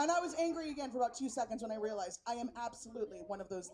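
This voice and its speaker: A woman stand-up comedian from San Francisco, telling stories in a brash, profane, animated way on a live stage. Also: fairly high pitch, very fast, hardly any pauses, a crowd in the background.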